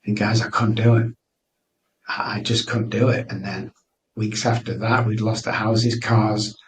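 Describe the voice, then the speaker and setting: A man's voice: on the low side, little pitch movement, unhurried, recorded from a distance, a little hiss or hum, rough recording. Candid middle-aged man. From Manchester, England. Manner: earnest, candid, frequent restarts. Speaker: guest. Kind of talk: personal storytelling interview.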